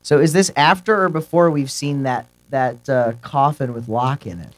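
A man's voice: mid-range voice, moderate pace. A man co-hosting a podcast in casual chat, joking goofily and reading out his notes. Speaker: podcast co-host.

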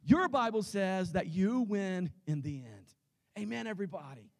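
A man's voice: high-pitched, animated, moderate pace. A pastor preaching a sermon in a church, emphatic and rallying his congregation directly. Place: church sanctuary.

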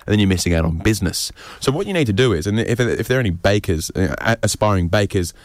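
A man doing a rambling comedic monologue, animated and jumping into mocking voices. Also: lowish voice, fast, no room sound, studio quality. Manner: rambling, with fillers and restarts.

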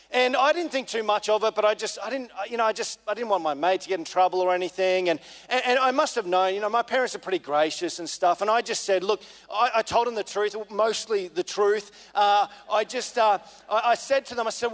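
A man, a pastor telling a personal story in a relaxed, conversational sermon with many fillers. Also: sits high, fairly quick. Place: church hall. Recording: long reverb of a church hall.

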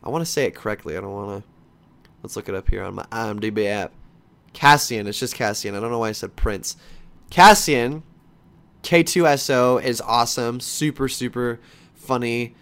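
A young man giving a casual, animated movie review, swearing often and breaking into frustrated outbursts. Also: mid-range voice, normal speed, vocal fry, smooth. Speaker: vlogger.

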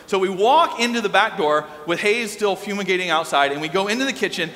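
A middle-aged man preaching a sermon, telling a story in an animated, lively way. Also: high voice, fairly quick. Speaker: pastor. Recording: long hall reverb.

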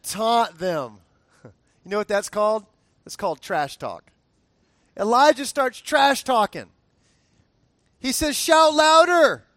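A man's voice: high-pitched, sing-song, a little slow, pauses often, a bit bright, no echo. A man preaching a sermon, chatty and joking, who often stumbles and repeats words and asks the crowd to answer aloud. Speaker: pastor.

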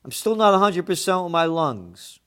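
A man's voice: sits high, sing-song, normal speed, fairly bright tone, clean tone. An older man delivers an opinionated solo commentary in a slightly raised voice. He is sarcastic and combative and swears freely when his anger rises. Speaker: host of a trends commentary show.

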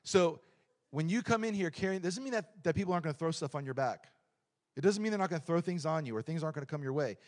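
A middle-aged man preaching a lively, joking sermon in a church, swinging between loud points and quiet asides. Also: fairly high pitch, quick pace. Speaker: pastor.

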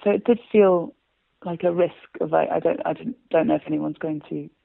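A woman's voice: low-pitched, a little fast, vocal fry, dry recording. Woman on a tinny phone line. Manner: rambling, animated, laughs often, frequent restarts. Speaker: playwright and performer, guest. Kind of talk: casual interview chat.

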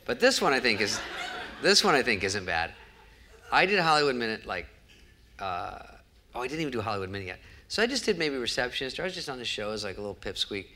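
In an onstage interview before a live crowd, a guest comedian shares a show-business anecdote, voicing every quoted line. His lowish voice sounds bright and forceful.

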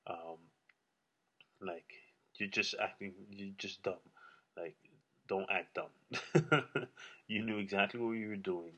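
A man's voice: on the low side, takes it slowly, pauses often, a bit bright. A man talking alone to his audience in a casual, rambling rant, blunt and full of swearing. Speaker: solo vlogger.

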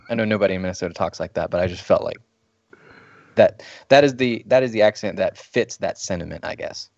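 A man co-hosting a casual sports podcast, playful and a bit halting as he talks. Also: low-pitched, gravelly, darkish tone, dry recording. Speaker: podcast co-host. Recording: slightly dull lo-fi mic.

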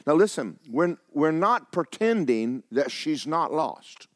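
A man's voice: on the high side, big pitch swings, slow pace, few pauses, no room sound, studio quality. A man preaching a sermon as pastor, mixing joking asides with fervent calls.

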